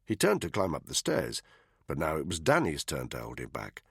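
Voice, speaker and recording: A man reads a thriller audiobook in a measured, expressive style. His voice is very deep and gravelly with a husky grain, and lively in pitch. The sound is close and dry. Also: dry recording. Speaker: audiobook narrator. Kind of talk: scripted narration.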